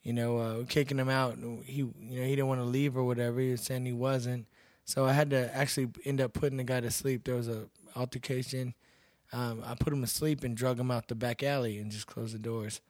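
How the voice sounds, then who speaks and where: A man from Texas tells his stories in a loose, casual way and gets louder when he acts out what people said. His voice sits at a middle pitch. It is recorded close and dry, with no room sound. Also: fairly quick, no room sound. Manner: animated, acts out quoted lines loudly. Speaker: bouncer and MMA fighter, podcast guest. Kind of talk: casual storytelling.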